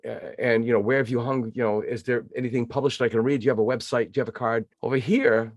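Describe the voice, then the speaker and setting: An older man in his sixties from New England hosts a podcast, spinning animated stories packed with fillers. His voice sits at a middle pitch and sounds close and dry, with no room echo. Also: fast. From New England, USA. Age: 60s. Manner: animated storyteller with many fillers. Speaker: podcast host. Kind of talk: casual interview chat.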